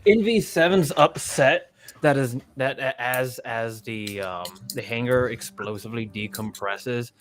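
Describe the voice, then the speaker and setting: A man playing a tabletop game, telling his moves in animated detail. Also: medium pitch, a little slow. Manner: animated, descriptive storytelling. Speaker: player.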